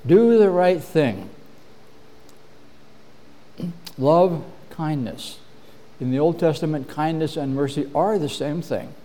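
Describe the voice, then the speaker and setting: A middle-aged man preaching a measured, earnest sermon as pastor, often clearing his throat. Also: on the high side, dark tone.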